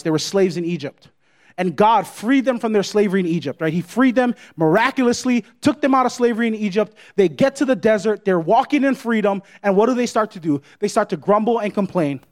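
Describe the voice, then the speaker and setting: A man's voice: high voice, lively intonation, fairly quick. A man preaching a sermon as pastor, emphatic, repeating his points and checking in with the congregation.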